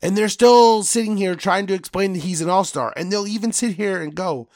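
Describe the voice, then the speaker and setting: Man ranting angrily, gravelly voice. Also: sits high, a little fast, few pauses, no room sound, studio quality. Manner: loud, profane ranting. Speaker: podcast host. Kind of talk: angry sports rant.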